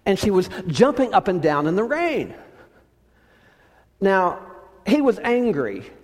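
A pastor giving a sermon, telling a story with emphatic phrases that soften at their ends. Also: male voice, on the high side, in a large hall.

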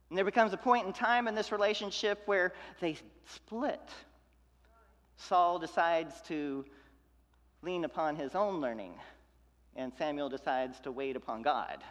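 A man preaching a sermon as pastor, building through repeated phrases and dropping to hushed, tender lines. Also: sits high. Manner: preaching with rhythmic repetition and swings from loud to hushed. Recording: long hall reverb.

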